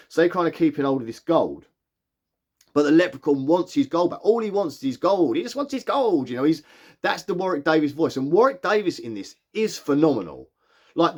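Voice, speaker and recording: A man giving a casual film review, enthusiastic and rambling, with frequent restarts and fillers. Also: a little high. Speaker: movie reviewer.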